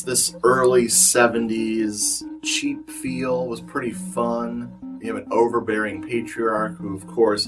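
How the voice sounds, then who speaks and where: Low-voiced man, tired rambling movie vlogger with a wry sense of humor, a bit off-mic, faint guitar behind. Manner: rambling, wry, self-deprecating. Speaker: movie reviewer. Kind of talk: casual vlog review. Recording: voice a little far from the mic.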